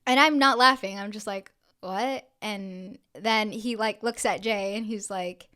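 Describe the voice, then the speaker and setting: A woman's voice: mid-range voice, measured pace, pushed and bright, clean tone. A young woman co-hosting a podcast, telling a story in a casual chat. She swears freely and acts out the lines of the people in it. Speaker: podcast co-host.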